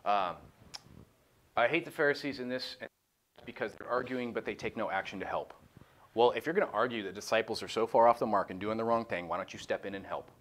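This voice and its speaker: A man with a fairly low voice teaches a small group in a relaxed, chatty way. He jokes and talks bluntly as he works through the passage, and he often breaks in with his own remarks. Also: fairly quick. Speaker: small group Bible study leader. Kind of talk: casual Bible study teaching. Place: room with a small group, streamed live.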